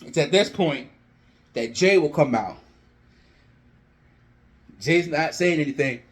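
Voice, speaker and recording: A wrestling fan vlogger with a somewhat high male voice and lively intonation talks slowly. He casually rambles through an imagined wrestling storyline, addressing his viewers directly in a fan-booking commentary.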